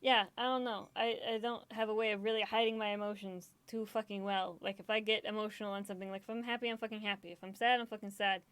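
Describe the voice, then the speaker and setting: A woman's voice: medium pitch, level tone, fast talker, few pauses, a bit bright, clear, resonant tone, no echo. A woman gaming streamer in casual chat, rambling, swearing often and laughing easily, self-deprecating and emotional.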